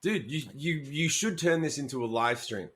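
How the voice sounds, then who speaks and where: A man's voice: on the high side, normal speed, fairly bright tone. A man being interviewed as a musician guest, talking candidly, swearing freely and acting out quoted asides as he tells stories.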